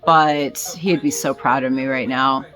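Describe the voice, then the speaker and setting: A woman's voice: very deep voice, fairly even intonation, unhurried, a bit bright, soft background music. A woman vlogging in a casual, rambling way, with many fillers and restarts. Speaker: vlogger and small business owner.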